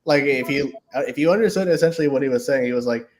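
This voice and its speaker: A man with an ordinary mid-range voice chats about sports, agreeing with his co-host and cursing freely. He laughs along easily in a relaxed, casual way. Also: mid-range voice, fast, hardly any pauses.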